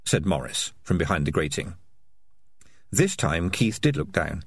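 A man narrating a storybook in a measured, lightly dry manner. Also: low voice, big pitch swings, husky, no room sound. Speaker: audiobook narrator.

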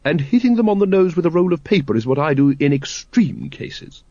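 Confident aristocratic lady dragon breeder, higher and brisk, as a male reader puts her on. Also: expressive, dark tone, no room sound, dull audio. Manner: matter-of-fact, practical.

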